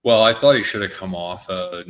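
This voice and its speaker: A man on a sports podcast, giving measured and slightly hesitant analysis. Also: lowish voice, sing-song. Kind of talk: casual sports podcast chat.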